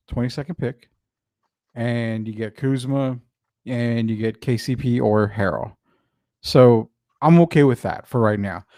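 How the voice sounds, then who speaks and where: A man hosting a laid-back sports talk show, putting questions to his co-host in a loose, rambling way. His voice sits at a middle pitch and sounds dry and close to the mic. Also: dark tone, no echo. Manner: drawn-out, questioning, conversational.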